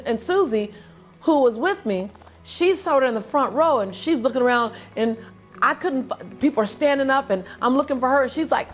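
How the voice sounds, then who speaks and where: A middle-aged woman, a motivational speaker, telling a story in a lively way, laughing and acting out voices. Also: fairly quick, faint music behind. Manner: lively, laughing, acts out voices with big pitch jumps. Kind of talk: animated storytelling.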